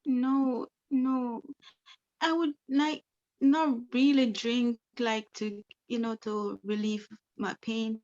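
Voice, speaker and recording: A woman's voice: a little high, fairly even intonation, slow, darkish tone, dull audio. A woman playing a troubled client in a counseling role-play. She speaks repetitively and keeps filling her speech with the same phrases. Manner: repetitive, leans on "you know". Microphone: video call.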